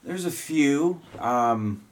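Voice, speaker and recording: A man's voice: mid-range voice, lively intonation, very slow. A man narrating a tabletop game as game master, casual and rambling with many fillers.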